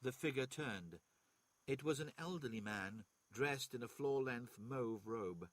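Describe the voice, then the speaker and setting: Norwegian man, second-language reader, steady narration, husky. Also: medium pitch, unhurried, no echo. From Norway. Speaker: streamer reading aloud. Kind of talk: reading a novel aloud.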